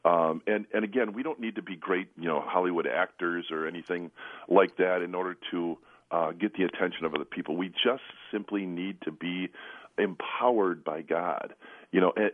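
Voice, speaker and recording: A priest with a very deep, hoarse, gravelly voice from the flu, speaking earnestly and piecing thoughts together with restarts. He comes through a dry, tinny phone line. It sounds like a call-in to a radio talk show. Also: normal speed, no echo. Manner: earnest, many restarts and "you know". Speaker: priest, spiritual director.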